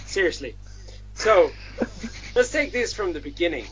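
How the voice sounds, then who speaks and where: A man casually retelling a story in a rambling, animated way, with swearing and slang, on dull lo-fi audio. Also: high voice, a little slow, a loud crowd. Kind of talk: casual chat.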